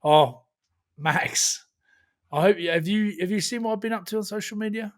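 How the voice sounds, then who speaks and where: A man's voice: high voice, moderate pace. A man, telling a rambling story in casual podcast chat and swearing freely. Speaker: podcast host.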